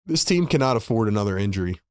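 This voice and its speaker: A man streaming live fan play-by-play, calling plays and reacting as a frustrated, excitable fan with casual slang. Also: fairly low pitch, quick pace, smooth, no room sound, clean studio sound. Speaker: livestream host doing fan play-by-play.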